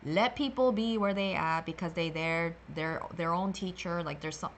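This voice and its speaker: A woman with a lowish voice hosts a meditation livestream, speaking at a moderate pace over slight background noise. She talks casually and sassily through a card reading, rambling and making playful filler sounds.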